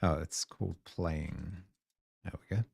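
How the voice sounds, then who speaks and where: A man's voice: deep voice, steady tone, unhurried, gravelly, darkish tone, husky, no echo, studio quality. A man in his forties with a New Zealand accent, musing aloud as he codes on a live stream and chats with viewers. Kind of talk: casual thinking-aloud coding stream.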